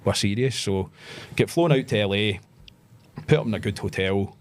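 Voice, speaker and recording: A man with a Scottish accent, a podcast guest telling stories in a lively way and acting out the voices of the people in them. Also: on the low side, moderate pace. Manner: animated anecdotes, acts out quoted voices. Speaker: podcast guest, pro wrestler. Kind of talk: casual storytelling interview.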